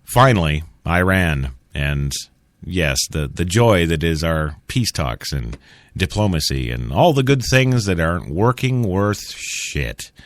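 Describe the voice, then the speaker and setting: A low-voiced man hosting a talk radio show. He is blunt and profane, restarts his sentences and laughs at his own remarks. His pitch swings widely, and the studio sound is dry and close. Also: expressive, slow pace, dry recording. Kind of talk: opinionated talk radio commentary.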